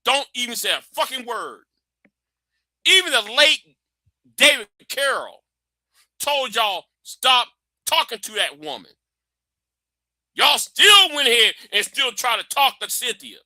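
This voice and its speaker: A man hosting a live stream, ranting in a heated, profane way that keeps rising into shouts. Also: extremely high pitch, very animated, unhurried, long pauses, no echo, studio quality. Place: warm indoor room with a fan.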